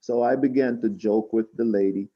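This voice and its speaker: A man from Jamaica telling stories in casual chat on a video call, animated and quick to act out what others said. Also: fairly low pitch. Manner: chatty, animated, quotes people in raised voices. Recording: dull lo-fi call audio.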